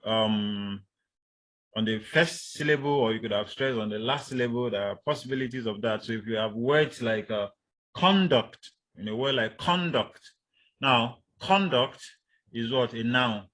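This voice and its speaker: A man lecturing university students, speaking deliberately, with many fillers and repeating his key points. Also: medium pitch, steady tone, a bit bright, low-quality recording.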